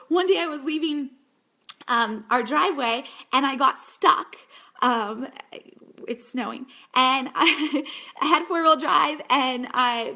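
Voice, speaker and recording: A woman in her thirties giving an emotional personal testimony on a group call, chatty and earnest. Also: high voice. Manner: chatty and emotional, shifting from bubbly to soft and earnest. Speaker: team coach on a group call.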